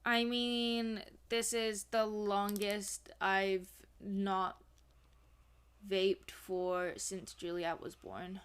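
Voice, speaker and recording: A woman's voice: mid-range voice, level tone, very slow, clean tone. A woman co-hosting a podcast in casual chat, laid-back and joking, laughing along with her partner. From Canada. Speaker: podcast co-host.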